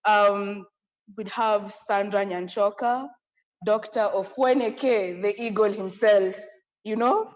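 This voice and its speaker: A young woman with a Kenyan accent co-hosting a live online conference, effusive and excitable, often breaking into laughter. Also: medium pitch, takes it slowly. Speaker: conference co-host. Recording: echoey, dull lo-fi audio.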